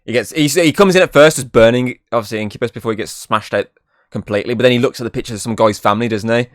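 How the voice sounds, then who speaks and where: A man's voice: mid-range voice, racing, dry recording, studio quality. A man hosting a casual film review podcast, rambling and leaning on filler words and restarts. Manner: rambling, leans on "obviously" and restarts.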